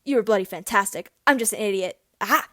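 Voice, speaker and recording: A woman voicing an eager, affectionate teenage boy wizard in a storybook reading, talking in quick blurts. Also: mid-range voice, a bit bright, no echo, studio quality, close to an everyday voice. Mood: flustered.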